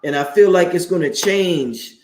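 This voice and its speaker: A man hosting a livestream, talking in a casual, excited and self-assured way and swearing freely. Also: high-pitched, moderate pace. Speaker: livestream host. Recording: roomy, echoey room sound.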